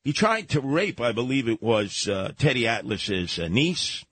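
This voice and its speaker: Blunt husky-voiced male radio host. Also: medium pitch, very animated, measured pace, fairly bright tone. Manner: blunt, emphatic storyteller giving advice. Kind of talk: radio talk show banter. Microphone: studio microphone.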